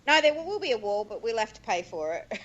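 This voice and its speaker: A woman's voice: on the high side, sing-song, brisk, dull audio. A woman co-hosting a casual chat show, making sarcastic remarks. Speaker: co-host. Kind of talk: casual banter.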